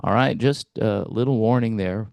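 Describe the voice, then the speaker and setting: A man hosting a music commentary channel, talking in a relaxed, hesitant way with wry asides. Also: lowish voice, moderate pace, gravelly, no echo. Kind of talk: casual reaction commentary.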